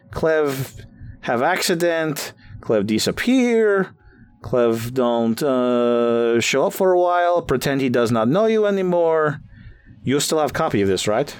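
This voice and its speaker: A man voicing a wary male space arms dealer who talks in halting broken English. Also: medium pitch, clear, resonant tone, pitched above the performer's own voice, natural voice.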